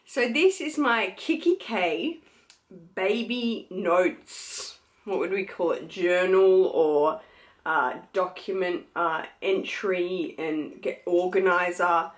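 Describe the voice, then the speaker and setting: Chatty, unhurried Australian woman vlogger. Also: fairly low pitch. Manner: chatty, gushing, many fillers. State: pregnant. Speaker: beauty vlogger. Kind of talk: casual chat to camera.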